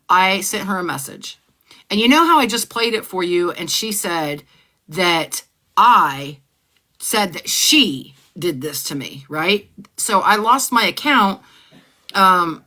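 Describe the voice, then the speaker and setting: A woman hosting a casual live stream, reading out old text messages and often clearing her throat. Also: on the low side, sharp tone. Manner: conversational, often clears throat, repeats herself. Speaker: livestream host.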